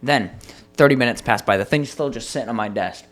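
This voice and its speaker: A man co-hosting a podcast, telling a story in casual chat with an animated, profane manner. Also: mid-range voice, brisk, soft background music. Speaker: podcast co-host.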